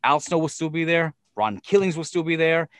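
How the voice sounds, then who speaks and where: Male storyteller, profane and animated, acts out quotes; fairly high pitch, dry close sound. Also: fairly quick, smooth, no room sound. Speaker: podcast guest telling stories. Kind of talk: casual storytelling chat.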